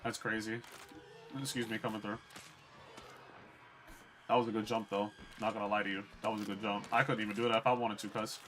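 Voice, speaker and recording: A man's voice: fairly low pitch, little pitch movement, fairly quick, pauses often, background noise. A man streaming a game, chatting casually and profanely to his viewers. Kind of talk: casual gameplay commentary.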